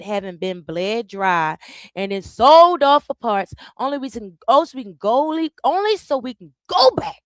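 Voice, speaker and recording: A woman's voice: medium pitch, no room sound. A woman hosting a live reaction stream, talking loosely to her viewers, repeating herself as she juggles screens. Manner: loose, repetitive, talks to the audience while juggling screens.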